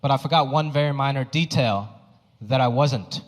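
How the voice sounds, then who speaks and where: A man's voice: medium pitch, moderate pace, background noise. A man from Hong Kong, a stand-up comedian, telling a self-mocking story in a stand-up set. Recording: reverberant theater hall.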